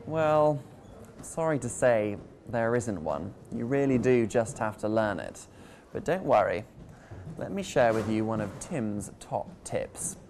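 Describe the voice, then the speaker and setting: A man teaching English pronunciation in a scripted lesson, playful and deliberate as he spells out words. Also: lowish voice, animated, darkish tone, slight background noise.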